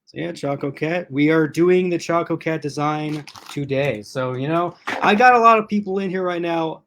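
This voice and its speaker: A man's voice: a little high, moderate pace, fairly bright tone. Chatty rambling man on a livestream. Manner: rambling, chatty, frequent fillers and restarts; laughs often. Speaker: host of livestream unboxing. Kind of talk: casual livestream chat. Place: at home in front of a laptop. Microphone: laptop.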